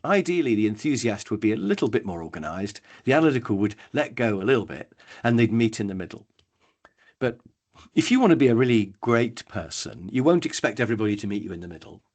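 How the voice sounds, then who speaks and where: A man, running a live online training workshop, chatty and lively, calling on attendees by name. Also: lowish voice, fast. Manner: lively, chatty, acts out brief voices, addresses attendees by name.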